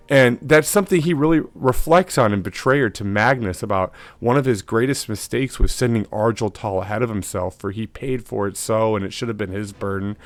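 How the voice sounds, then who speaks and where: A man's voice: mid-range voice, no echo. A man hosting a lore video in casual commentary, talking loosely with lots of fillers and tag questions.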